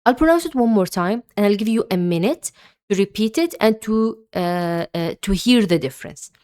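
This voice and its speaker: A woman's voice: mid-range voice, expressive, moderate pace, darkish tone, smooth. A woman teaching beginners pronunciation, patiently repeating each letter and word several times before explaining it. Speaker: Arabic teacher. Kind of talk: slow, careful pronunciation lesson.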